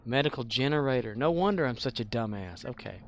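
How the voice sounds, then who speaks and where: Male game streamer, rambling self-mocking chat, gravelly voice. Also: medium pitch, lively intonation, a little fast. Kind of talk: casual gaming commentary.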